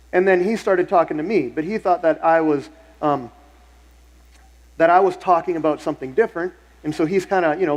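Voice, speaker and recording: Higher-voiced man preaching conversationally. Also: rough recording. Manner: conversational storytelling, repeats phrases for emphasis. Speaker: pastor. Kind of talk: sermon. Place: church sanctuary.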